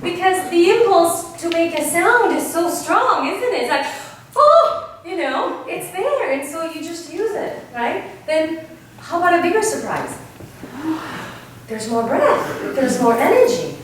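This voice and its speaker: A woman from Argentina runs a choir workshop as a vocal coach, speaking at a moderate pace in an extremely high, animated voice. She demonstrates by singing example sounds and keeps checking with "right?" The recording is distant and echoey, with a slight hiss or hum.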